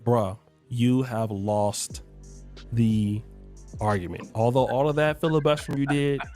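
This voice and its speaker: A man's voice: medium pitch, unhurried, darkish tone, soft background music. A man giving mocking, trash-talking commentary on a clip, laughing often. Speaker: commentator reacting to a stream clip.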